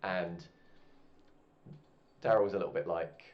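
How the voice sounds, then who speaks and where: A man narrating a tabletop game as game master in a relaxed, rambling way. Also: low-pitched, slow. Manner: relaxed, rambling with many fillers. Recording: muffled, with faint music.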